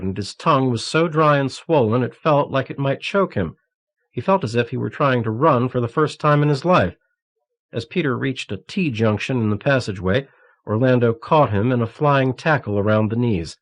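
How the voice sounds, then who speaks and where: Low-voiced man narrating an audiobook. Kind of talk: scripted narration. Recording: cassette audiobook transfer.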